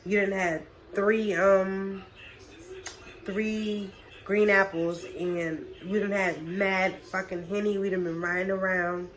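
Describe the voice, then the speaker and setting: A young woman telling a wild personal story to her camera in a casual vlog, profane and animated, full of slang. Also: mid-range voice, takes it slowly, low-quality recording. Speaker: vlogger.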